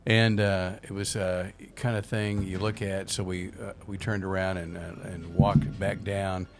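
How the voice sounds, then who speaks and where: An older man, a veteran radio host, telling a long story in relaxed talk with many fillers. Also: low voice, measured pace, a little hiss or hum. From Memphis, USA.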